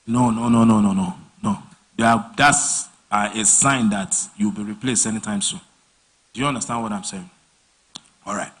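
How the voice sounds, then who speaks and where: A husky-voiced man teaches design in a loose, live-class way. He jumps into stories and acts out the people in them with lively swings of pitch. His pitch sits at an ordinary middle height for a man. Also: a little fast. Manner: animated storyteller, voices clients and bosses mid-story. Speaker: design trainer. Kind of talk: casual live training talk with acted-out anecdotes.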